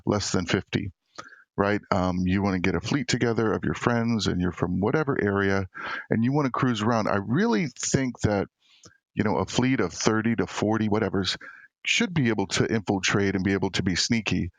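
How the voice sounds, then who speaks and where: A man's voice: lowish voice, brisk, dry recording. A man talking as a guest on a casual podcast, easygoing and full of fillers.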